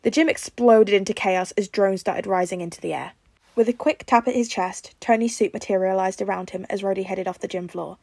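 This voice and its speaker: A woman reading a fan fiction story aloud in an even storytelling manner. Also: mid-range voice, brisk, vocal fry, no room sound. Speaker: podfic reader.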